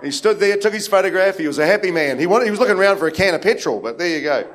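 A man from New Zealand with a New Zealand accent, preaching with a slightly high-pitched voice. He tells stories in a loose, meandering way, circling back with fillers and restarts before settling into the scripture. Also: expressive, very fast, a bit bright. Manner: rambling, anecdotal, many restarts and fillers. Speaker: pastor. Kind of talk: sermon. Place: church hall with congregation.

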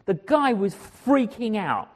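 Lively storytelling male preacher. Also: high-pitched, slow pace. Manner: animated, acts out conversations. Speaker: evangelist preacher. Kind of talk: storytelling sermon.

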